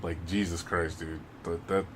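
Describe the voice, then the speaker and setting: A young man streams a game and rants to chat, swearing freely and sounding exasperated. His voice sits very low, and clear background noise runs under the stream audio. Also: level tone, normal speed. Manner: profane, exasperated ranting. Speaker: livestreamer. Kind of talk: casual chat while gaming.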